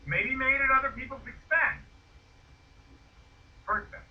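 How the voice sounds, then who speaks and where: Man, very high voice, profane mocking rant, dull distant playback. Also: unhurried. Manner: loud, profane, mocking rants. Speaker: video creator being rebutted. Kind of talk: ranting commentary.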